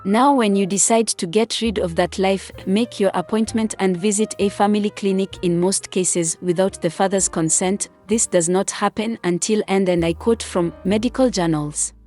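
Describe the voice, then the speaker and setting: A woman's voice: mid-range voice, moderate pace, few pauses, a little mellow, soft background music. A woman hosting a channel, reading scripted commentary in a stern, lecturing way. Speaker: channel host.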